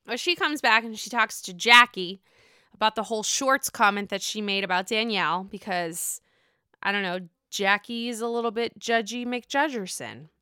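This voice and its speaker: A woman recapping a reality TV episode in casual, profane, excitable chat from home. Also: medium pitch, clean tone, no echo, studio quality. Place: home, dogs upstairs.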